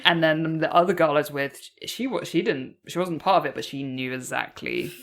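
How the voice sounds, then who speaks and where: A woman co-hosting a podcast, telling a personal school story in a halting, casual way full of "like", often trailing off softly. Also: deep voice. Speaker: podcast co-host. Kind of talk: casual chat, personal anecdote.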